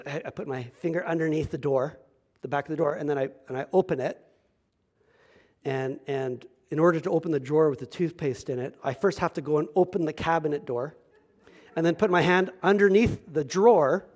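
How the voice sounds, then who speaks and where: A man preaching a sermon at a church service. He moves from loud, emphatic scripture reading to quiet, joking asides. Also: fairly high pitch. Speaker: pastor.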